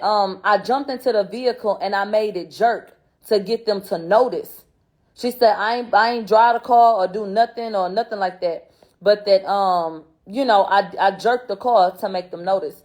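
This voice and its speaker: A woman's voice: medium pitch, normal speed, darkish tone. A woman hosting a show, recapping courtroom testimony in blunt, profane, sarcastic casual commentary. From Houston, Texas. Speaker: host recapping a court trial.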